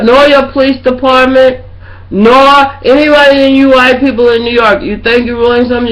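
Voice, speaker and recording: A woman's voice: fairly high pitch, fairly bright tone, low-quality recording. A middle-aged woman ranting to her webcam in a rambling, profane way, often asking if you know what she's saying. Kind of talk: casual rant to webcam.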